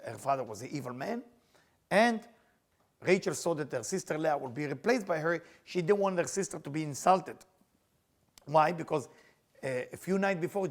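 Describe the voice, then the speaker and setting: A middle-aged man teaching, retelling a story in an animated, emphatic way with non-native grammar. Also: on the high side. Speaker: Kabbalah teacher. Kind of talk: storytelling lesson.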